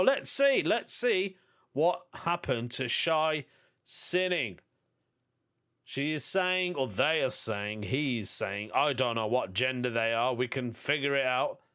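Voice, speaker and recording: A man's voice: medium pitch, expressive, unhurried, a bit bright. A man with a Birmingham accent hosting a comedy podcast, reading listener stories aloud in a casual monologue and chuckling often. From England.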